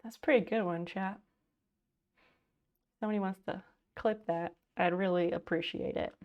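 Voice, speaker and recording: A woman's voice: mid-range voice, fairly even intonation, normal speed, dull audio. A woman livestreamer chatting casually at home, thanking viewers by name while sewing.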